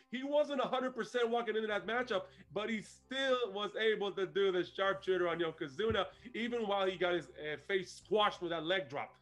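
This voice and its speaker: High-voiced man, animated co-host. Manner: animated storytelling, laughs often. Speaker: podcast co-host. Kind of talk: casual chat reviewing a wrestling show.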